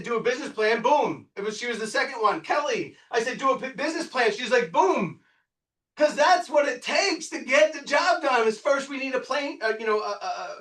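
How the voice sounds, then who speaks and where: A man in his fifties with a high voice runs a live real estate training workshop in a meeting room, loud and excitable, bursting into yells. He quizzes the audience and swears freely in punchy bursts, captured from a distance in an echoey room.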